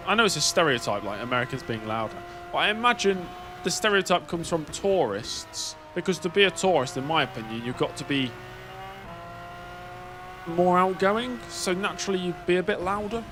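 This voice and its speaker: A man's voice: sits high, animated, normal speed, noisy background. A man streaming a racing game, chatting in a rambling, wry way. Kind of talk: casual live-stream chat while gaming.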